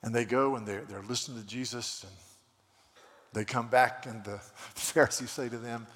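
Man, preacher, sermon, storytelling, stumbling restarts, mid-pitched, long hall echo. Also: fairly even intonation, normal speed, a bit bright. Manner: storytelling with frequent stammered restarts, acting out quoted voices.

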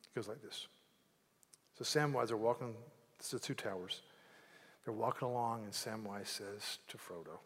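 A man preaching a sermon, earnest, with loud, emphatic passages when he reads quotes aloud. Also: lowish voice, normal speed, pauses often, slightly rough, long reverb tail. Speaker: pastor.

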